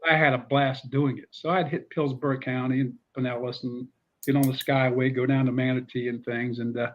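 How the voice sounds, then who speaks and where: A middle-aged man, a former football coach, telling stories in an animated way with many fillers. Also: mid-range voice, fairly quick, highs cut off. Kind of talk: casual storytelling interview.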